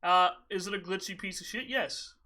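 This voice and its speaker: A man's voice: high-pitched, normal speed, pushed and bright. A young man co-hosting a casual gaming podcast, mocking and profane, laughing often. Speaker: podcast host.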